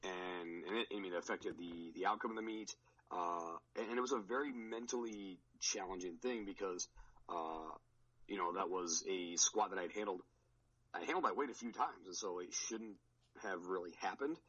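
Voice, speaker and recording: Deep husky-voiced man chatting. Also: normal speed, a bit bright, muffled recording. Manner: rambling, with many restarts and fillers. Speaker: podcast regular recounting a powerlifting meet. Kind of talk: casual chat.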